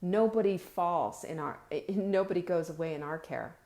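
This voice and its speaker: A woman's voice: fairly low pitch, normal speed. A woman gives an emphatic, motivational live-stream talk and speaks straight to her viewers. She stretches out her key words and often repeats a word before she carries on. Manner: addresses viewers warmly and directly, reads their comments aloud. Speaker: host of a live video show.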